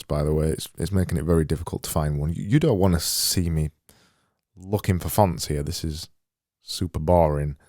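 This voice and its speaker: A man's voice: extremely low pitch, vocal fry, mellow, dry recording, clean studio sound. A man and graphic designer talking through his work as he goes, thinking aloud in a muttering, self-deprecating way. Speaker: graphic designer making visuals. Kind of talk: casual screen-recorded work commentary.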